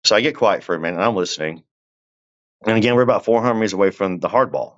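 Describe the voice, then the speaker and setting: A man, a guest telling a long story in a relaxed, conversational way and often turning to the listener with asides. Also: deep voice, quick pace, lo-fi sound. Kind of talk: casual storytelling.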